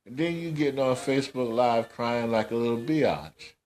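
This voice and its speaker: On a casual commentary podcast, the male host speaks at normal speed in a mid-range, slightly mellow voice. He scolds in slangy talk and keeps repeating himself.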